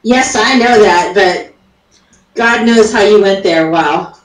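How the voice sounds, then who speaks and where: An easygoing woman from the United States chats as a guest and laughs often. Her voice sits at a middle pitch, and it carries an echo from the room she is in. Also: slow. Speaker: guest caller. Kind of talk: casual chat.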